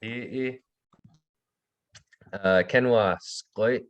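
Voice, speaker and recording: A man's voice: fairly low pitch, very slow, lo-fi sound. A man teaching an online language class, calling on students by name, repeating words for them and explaining with many fillers and restarts.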